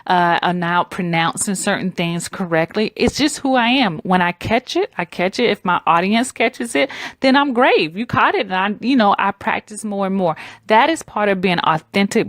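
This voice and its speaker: A woman's voice: lowish voice, dry recording. Southern lady in her 40s chatting on her podcast, emphatic, talks to you like a friend, dry recording. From Southern United States. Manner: conversational and emphatic, addresses listeners as "guys". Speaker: branding coach and podcast host. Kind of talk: casual solo podcast talk.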